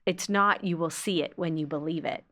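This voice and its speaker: A woman's voice: on the low side, steady tone, a little fast, sharp tone. A woman hosting a podcast, talking in a chatty, agreeable, rambling way. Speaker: podcast host. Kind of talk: casual podcast conversation.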